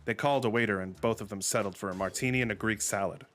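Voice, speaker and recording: A man's voice: fairly low pitch, quick pace, a bit bright, soft background music. Man casually reading a story aloud. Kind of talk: comic amateur story reading.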